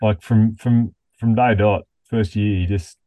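Aussie co-host, low voice, relaxed, drops the odd swear, dry close mic. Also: male voice, unhurried, no room sound. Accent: Australian. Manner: laid-back, swears casually. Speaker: podcast co-host. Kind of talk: casual chat.

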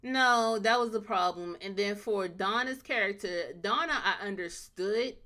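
A woman's voice: mid-range voice, measured pace, pushed and bright. A woman in casual chat reviewing a show, blunt and emphatic, repeating her points.

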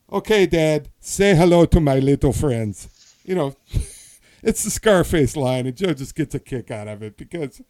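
A man's voice: mid-range voice, a little mellow. A man hosting a casual political comedy podcast, telling a rambling story that keeps interrupting itself. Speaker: podcast host.

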